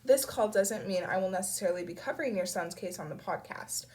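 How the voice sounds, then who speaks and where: A woman's voice: mid-range voice, fairly quick, a little mellow, natural voice. A woman with a cold voicing a nervous, determined teenage girl investigator who hesitates and stammers. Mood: careful. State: has a cold.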